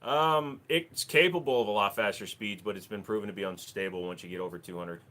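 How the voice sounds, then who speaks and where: A man's voice: fairly low pitch, fairly quick, sharp tone. A man hosting a live stream, answering viewer questions with dry jokes. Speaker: livestream host. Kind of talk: casual live Q&A chat.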